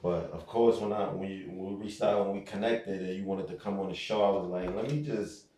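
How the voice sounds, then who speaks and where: A man's voice: sits low, little pitch movement, brisk, dark tone, echoey room, far from the mic. A man hosting a podcast in a casual interview chat, talking laid-back and slangy with lots of fillers. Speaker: podcast host.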